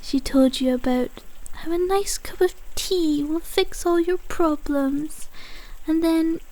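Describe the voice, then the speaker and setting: A scornful young asylum patient with a possessive streak, as a woman acts her out in a whispered role-play. Her voice sits high and she drags her words slowly. Every line drips with condescending mockery. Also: warm tone, poor audio. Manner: mocking, condescending, slow and teasing. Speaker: ASMR roleplay voice actor.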